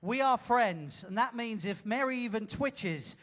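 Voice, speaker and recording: A man's voice: sits high, expressive, a little slow, fairly bright tone. A man hosting an audience-participation comedy show on a ship stage, teasing and bossing volunteers through a handheld mic. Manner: teasing, flamboyant, bossy direction. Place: ship theater.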